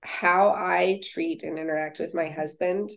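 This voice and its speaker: A young woman with a lowish voice and a gravelly edge, co-hosting a casual faith-based chat. She reads scripture aloud, then talks it over with easy fillers. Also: fairly even intonation, unhurried. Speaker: podcast co-host.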